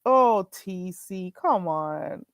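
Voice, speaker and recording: A woman hosting a live stream in casual chat, chatty, with drawn-out exclamations. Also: lowish voice, animated, no echo. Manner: chatty, drawn-out "ooh"s and frequent laughter.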